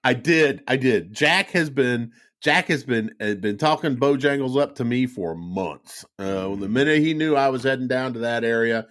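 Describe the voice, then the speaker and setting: A man's voice: mid-range voice, lively intonation, normal speed, hardly any pauses, a bit bright. A middle-aged man hosting a podcast, telling rambling, profane stories in casual chat with plenty of restarts. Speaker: podcast host.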